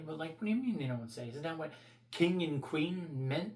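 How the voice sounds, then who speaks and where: A man's voice: fairly high pitch, brisk, a bit bright, roomy sound. A man vlogging his opinions in a blunt, profane, rambling rant.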